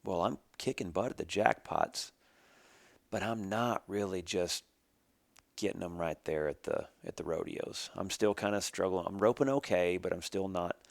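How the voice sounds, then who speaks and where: A low-voiced man with a gravelly, creaky edge tells his story in plain, rambling country talk, doubling back over his words. His voice is recorded close and dry, with no room sound. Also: normal speed, dry recording. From Oregon. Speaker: team roper telling his story. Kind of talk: casual storytelling.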